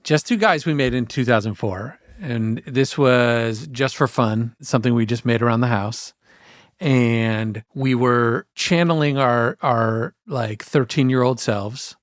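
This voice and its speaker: A man's voice: mid-range voice, unhurried, dry recording. Man, forties, podcast chat, rambling, laughs a lot, dry studio sound. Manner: rambling, self-deprecating, laughs often. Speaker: podcast co-host. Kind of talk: casual chat.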